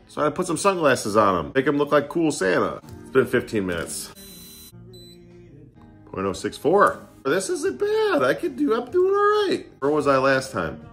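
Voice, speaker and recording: A man with a medium-pitched, fairly bright voice hosts a relaxed beer-tasting vlog from his living room. Chatty and joking, he is getting a little tipsy, and his words carry a slight slur.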